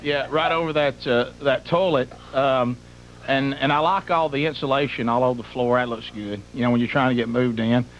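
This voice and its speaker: A man's voice: mid-range voice, steady tone, fairly quick. A middle-aged man, hosting a radio show and telling a comic story in a rambling, exaggerated way that piles up details. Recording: muffled broadcast with faint hum.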